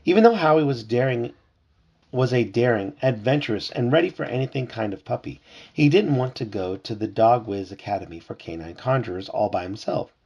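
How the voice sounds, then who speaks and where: A man reading a storybook aloud to his child at home, lively and putting on character voices. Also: medium pitch, a little fast, husky, lo-fi sound.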